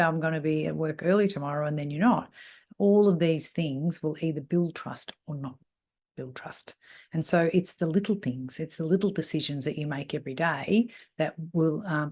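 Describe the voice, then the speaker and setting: Animated middle-aged woman mentor. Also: low voice. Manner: animated, mimics voices when quoting people. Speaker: salon mentor. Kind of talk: talk on salon team issues.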